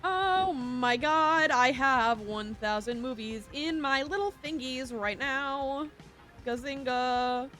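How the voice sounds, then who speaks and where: A young woman streams a shop game over game music, giggling and chatting casually as she reads chat aloud and slips into a playful whiny voice. Her voice is high and sharp in tone, and she speaks slowly.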